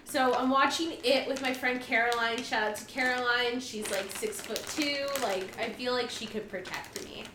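High, animated young woman telling a story. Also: moderate pace, few pauses, background noise. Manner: animated, laughing often, frequent "like" fillers. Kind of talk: casual storytelling chat. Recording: echoey room.

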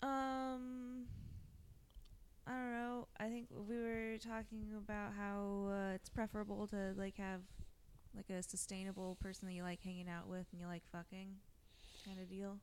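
A stoned woman in her late twenties co-hosting a podcast, talking in a slow, vague, laid-back way. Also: mid-range voice, level tone, darkish tone, slight background noise. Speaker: podcast co-host. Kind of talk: casual chat.

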